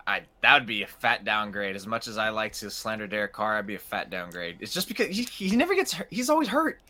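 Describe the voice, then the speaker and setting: A man's voice: lowish voice, sing-song, pushed and bright. A young man co-hosting a casual sports talk show, talking loosely with lots of fillers. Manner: rapid, casual, many fillers. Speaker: podcast co-host.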